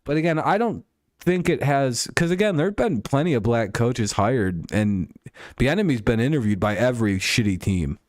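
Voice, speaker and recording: A man's voice: medium pitch, expressive, moderate pace, no room sound, studio quality. A man hosting a casual stream, rambling and joking crudely about sports. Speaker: streamer host.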